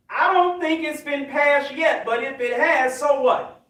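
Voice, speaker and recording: This is a sermon with call and response, delivered by an American minister whose voice is high. He speaks slowly and with purpose, calling to the congregation and rising to emphatic shouts, heard from a distance in a strongly reverberant hall.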